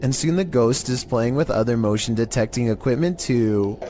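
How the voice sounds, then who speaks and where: A man narrating a countdown of scary internet videos in a flat, monotone scripted delivery. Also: medium pitch, moderate pace.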